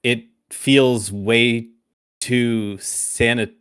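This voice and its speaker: A man's voice: medium pitch, steady tone, extremely slow, fairly bright tone, smooth. A man joining a podcast over a video call, giving wry, hesitant opinions. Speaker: podcast co-host. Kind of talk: casual chat.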